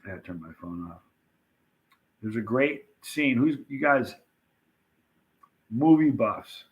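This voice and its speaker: Guy chatting on his live stream, mid pitch, rambling and animated, reads out chat comments. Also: slow pace, highs cut off. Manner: chatty, rambling, animated retelling of movie scenes.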